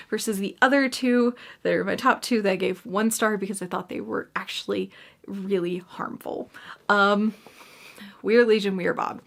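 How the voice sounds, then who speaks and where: A woman giving a casual book review full of cranky, profane rants and emphatic repetition. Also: mid-range voice. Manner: gestures a lot while talking.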